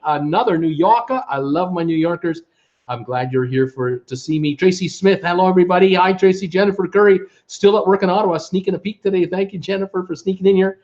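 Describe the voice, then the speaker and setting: Man, from Ontario, casual live chat host, slightly high voice, dull lo-fi webcam sound. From Ontario, Canada. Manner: chatty, upbeat, many fillers. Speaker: livestream host reading viewer chat. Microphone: webcam setup at home.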